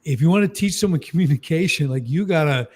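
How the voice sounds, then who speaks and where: Man, slightly high voice, emphatic persuasive co-host talk. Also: lively intonation, quick pace. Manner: emphatic, persuasive, peppered with "right?". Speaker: co-host of a communication talk show. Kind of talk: panel discussion.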